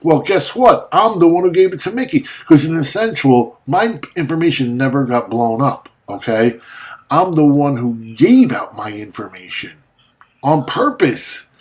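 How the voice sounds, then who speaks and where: A man's voice: fairly high pitch, lively intonation, normal speed. A man ranting at a rival in a video monologue, confrontational and mocking, swearing often, just after waking up. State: just woken up. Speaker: vlogger.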